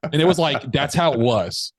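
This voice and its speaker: A man telling candid personal stories in a conversation, swearing freely and acting out his inner voices, dropping quiet when he confesses. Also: mid-range voice, moderate pace, husky, no room sound, studio quality. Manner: animated, profane, acts out his inner voices. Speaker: podcast guest.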